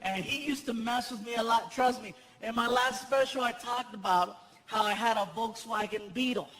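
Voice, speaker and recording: A man's voice: very high-pitched, normal speed. A man telling a stand-up comedy story on stage, acting out other people's voices. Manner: animated storyteller who acts out other characters' voices. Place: large theater with a live audience. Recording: live stage recording with audience noise.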